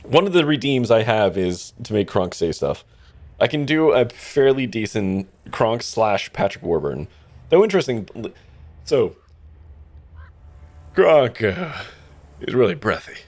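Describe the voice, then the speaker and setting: Guy streamer reading a story game out loud, low voice that swings around a lot, swears and cracks dry jokes. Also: big pitch swings, unhurried, long pauses. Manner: reads narration then reacts with swearing and wry asides. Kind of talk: live let's-play commentary, reading the game text aloud.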